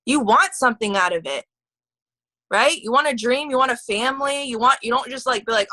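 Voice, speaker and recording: Bright, excitable woman giving a pep talk. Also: on the high side, normal speed, dry recording, low-quality recording. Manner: excitable, gushing, chatty with many fillers. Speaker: team leader. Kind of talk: motivational team call talk.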